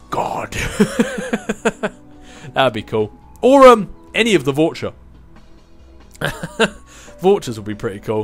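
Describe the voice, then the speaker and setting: A man's voice: medium pitch, a bit bright. A man in his twenties hosting a casual video Q&A, chatting in a rambling way with frequent restarts and laughs. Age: 20s. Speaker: YouTube channel host answering viewer questions. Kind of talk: casual chat.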